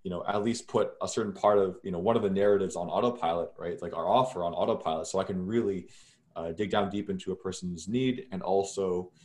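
A relaxed man with a somewhat low voice is a guest in a casual interview. He answers in loose, unhurried runs, full of fillers and restarts.

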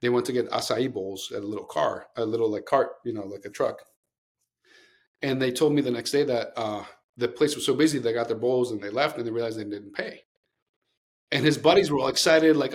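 A man's voice: medium pitch, brisk, breathy edge. A middle-aged man co-hosting a podcast, telling long earnest stories in casual chat with many restarts. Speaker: podcast co-host.

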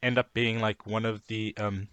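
A man's voice: lowish voice, little pitch movement, normal speed, fairly bright tone, no echo. A man co-hosting a podcast, teasing his friend in casual chat with stammering restarts. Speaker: podcast co-host.

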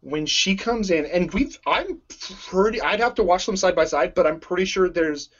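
A man in casual conversation about a superhero movie, excitable and gushing, often laughing. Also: sits high, moderate pace, dull audio. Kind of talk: casual movie review chat.

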